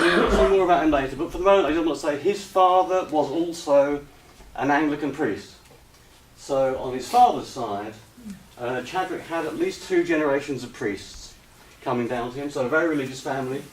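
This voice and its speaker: A man giving a slide presentation to an audience, hesitant with many ums, relaxed and gently humorous. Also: on the high side, normal speed. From United Kingdom. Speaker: lecturer. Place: retreat lecture room with audience. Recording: roomy echo, distant mic, faint hiss.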